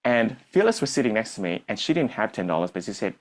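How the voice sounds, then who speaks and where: A man's voice: on the low side, sing-song, quick pace. A man, a business coach telling a story on stage to a live audience and acting out the dialogue.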